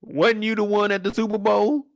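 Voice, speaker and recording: Young guy streamer rambling and joking in slang, kinda high voice, dead dry mic. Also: level tone, moderate pace, no echo. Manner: loose and joking, slangy, breaks into high falsetto singing. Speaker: streamer host. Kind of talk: casual live-stream chat.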